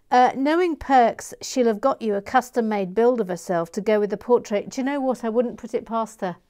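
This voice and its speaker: A woman's voice: medium pitch, darkish tone. A woman building a Lego set on a video stream, chatting casually and reading viewers' comments aloud with frequent laughs. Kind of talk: casual chat while building.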